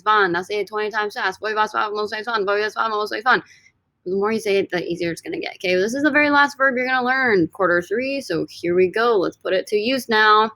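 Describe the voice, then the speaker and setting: Young female teacher, upbeat classroom delivery, slight vocal fry, dry close sound. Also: mid-range voice, fairly bright tone, no room sound. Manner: upbeat, addresses students directly, drills by repetition. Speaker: Spanish teacher. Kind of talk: recorded video lesson.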